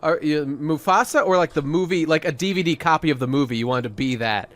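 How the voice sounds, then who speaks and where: A man's voice: fairly high pitch, quick pace, a bit bright. A young man hosting a casual podcast chat, dry and teasing toward the others. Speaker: podcast host.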